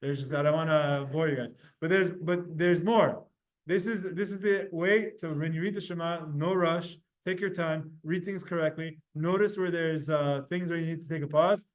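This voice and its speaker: Male teacher, slightly raised pitch, relaxed and repetitive, leading a study class. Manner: casual, repetitive, explains pronunciation by example; chants verses slowly. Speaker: Torah teacher.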